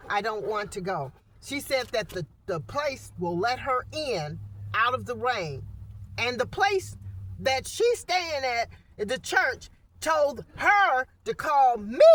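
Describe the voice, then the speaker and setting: A woman's voice: fairly high pitch, fairly bright tone. A woman venting in a rambling, heated vlog monologue from inside a small parked truck, recorded on a phone. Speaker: vlogger.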